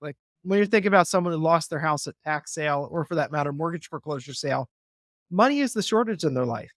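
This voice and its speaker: Persuasive man with a slightly high voice. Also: lively intonation, quick pace, a bit bright, dry recording, studio quality. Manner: earnest, persuasive, acts out phone calls. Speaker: guest, real estate investor. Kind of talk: interview, conversational explanation.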